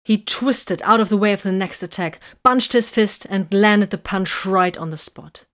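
A woman reading a story aloud in a steady, measured narration. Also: medium pitch. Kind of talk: audiobook reading of fan fiction.

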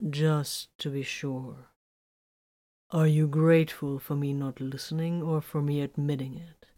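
A woman voicing a wounded young male space warrior who murmurs and slurs quietly. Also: sits low, fairly even intonation, a little slow. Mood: drowsy.

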